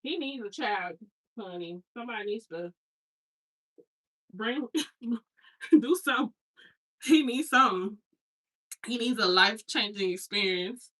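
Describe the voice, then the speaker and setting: A woman's voice: mid-range voice, unhurried, pauses often, fairly bright tone, rough recording. A woman in her thirties, a hair stylist, chatting casually and telling rambling family stories with slangy asides while she unpacks. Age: 30s.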